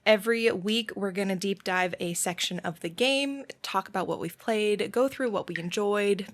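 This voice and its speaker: A woman hosting a casual podcast chat about a game, chatty and quick to laugh. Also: mid-range voice. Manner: chatty and giggly. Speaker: podcast host.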